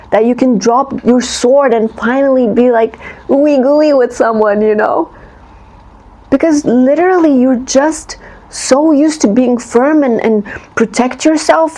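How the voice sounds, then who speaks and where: A woman giving a collective tarot reading, talking in an effusive, rambling way. She laughs often and acts out reactions in a high voice. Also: warm tone, poor audio. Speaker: tarot reader.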